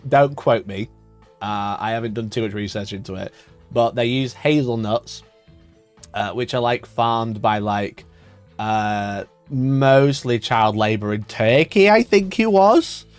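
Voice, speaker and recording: A man hosting a livestream, answering his chat in a sweary, mocking rant and laughing often, with his voice shooting up high when he gets exasperated. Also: unhurried, clear, resonant tone, faint music behind. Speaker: livestream host.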